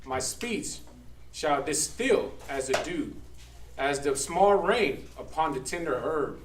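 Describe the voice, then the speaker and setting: Slow, sing-song scripture-reading man. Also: a little high, animated. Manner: slow, deliberate, solemn reading. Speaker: scripture reader. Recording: echoey room, far from mic, faint noise.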